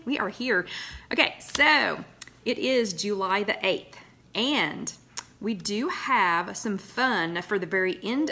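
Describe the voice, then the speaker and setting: A woman's voice: medium pitch, fairly bright tone. A woman hosting a casual live chat from her loft at home, rambling and greeting viewers one by one. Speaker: host of a live weight-loss chat.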